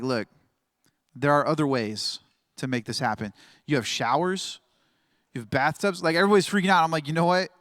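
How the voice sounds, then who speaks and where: A male pastor in his thirties delivers a loose, chatty sermon full of jokes, tangents and laughter. His voice sits a touch high for a man. The sound is dry and close, with no room around it. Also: a bit bright, no echo. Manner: chatty, joking, laughs often, rambling.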